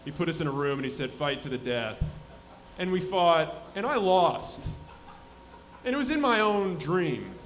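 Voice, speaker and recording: A man in his twenties doing a live stand-up set in a comedy club, deadpan, muttering asides and then bursting into shouted voices. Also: high-pitched, normal speed, slight background noise. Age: 20s.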